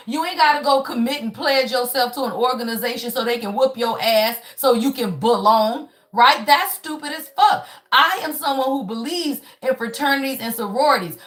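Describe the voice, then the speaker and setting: A woman's voice: high-pitched, a bit bright. Blunt, profane woman reading tarot live. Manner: blunt, profane, preachy, repeats "y'all" and "right?". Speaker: tarot reader. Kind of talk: live spiritual reading, casual chat.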